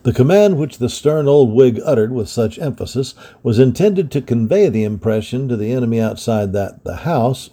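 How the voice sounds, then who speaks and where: Male storybook reader, gravelly and dark, steady measured narration. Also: mid-range voice. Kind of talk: reading a historical adventure novel aloud.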